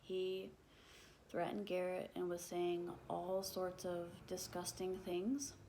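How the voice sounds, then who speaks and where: A young woman tells a painful personal story on camera, slow and halting, padding her sentences with "like" and swearing when upset. Her voice sits on the low side, and a faint room hum runs underneath. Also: flat delivery, dark tone. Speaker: vlogger. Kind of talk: emotional storytime.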